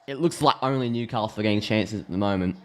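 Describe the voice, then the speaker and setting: An Australian man giving a chatty, excitable live reaction to a football match, thinking aloud and restarting his sentences. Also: on the low side, fast talker. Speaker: football streamer.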